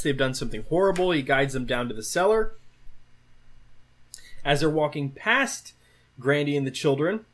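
A man's voice: medium pitch, a bit bright. A man hosting a podcast, retelling a comic book story in a loose, casual way. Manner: loose retelling with fillers and restarts. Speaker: podcast host.

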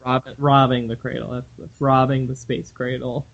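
A man's voice: mid-range voice, normal speed, gravelly. Joking male podcast co-host, lo-fi sound. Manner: joking, animated, laughs often. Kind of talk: casual comic book podcast chat.

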